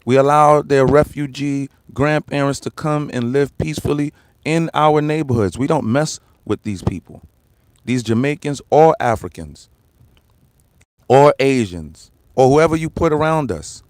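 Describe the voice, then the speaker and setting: An American man hosts a political commentary livestream, ranting heatedly, repeating his points, and firing rhetorical questions while speaking directly to his viewers and the comment section. His voice is mid-range, a little slow, and clean-toned, in a dry recording.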